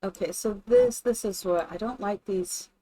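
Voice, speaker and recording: Streaming herself building in a game, a woman keeps up casual, chatty commentary, thinking out loud and saying hello to viewers by name. She speaks at normal speed in a warm, mid-range voice.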